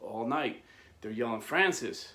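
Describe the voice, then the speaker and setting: A man hosting a video, telling a historical story in an animated, emphatic way. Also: a little high, normal speed, roomy sound. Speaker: video host. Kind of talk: impassioned storytelling.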